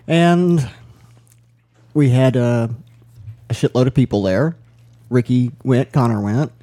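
A man's voice: medium pitch, slow, warm tone. A man co-hosting a podcast, telling stories in a sassy, cheeky way. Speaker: podcast co-host. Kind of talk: casual banter.

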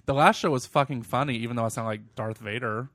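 A man's voice: medium pitch, quick pace, fairly bright tone, no room sound, clean studio sound. A man hosting a casual podcast, laid-back and joking with crude humor. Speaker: podcast host. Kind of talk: casual chat.

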